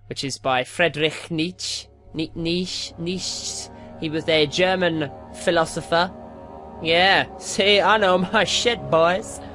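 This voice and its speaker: A man's voice: on the high side, a bit bright. A young man playing a horror game and commentating with jokes, rambling and narrating every move he makes. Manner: jokey, rambling, narrates his own moves. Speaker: let's play gamer.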